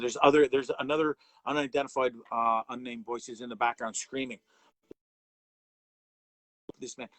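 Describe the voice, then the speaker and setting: A man hosting a live talk show speaks with raw anger, cursing freely and tripping over repeated words as he pushes his point. His voice sits a little high for a man. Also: animated, moderate pace, pauses often, fairly bright tone, dry recording, low-quality recording. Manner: angry, profane, repeats and restarts words. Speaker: host of a live wellness show. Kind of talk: impassioned live commentary.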